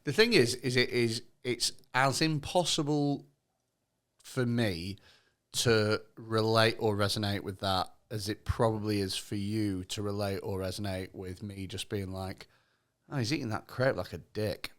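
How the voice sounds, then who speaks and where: A man's voice: lowish voice, fairly even intonation, a little slow, a bit bright, smooth. A man co-hosting a podcast in casual chat, telling stories with lots of swearing and joking. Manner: sweary, jokey storyteller who acts out voices. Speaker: podcast co-host.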